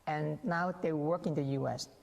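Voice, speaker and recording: A man's voice: on the high side, steady tone, moderate pace, gravelly, a little mellow, muffled recording. A male guest scholar explaining his views in a TV interview, with many restarts and acted-out quotes. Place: TV interview set. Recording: long reverb on the voice.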